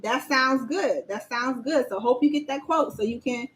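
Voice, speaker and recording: A woman's voice: high-pitched, moderate pace, a bit bright, slight background noise. A woman hosting a casual livestream as a proposal coach, chatting straight to viewers and reading out their comments.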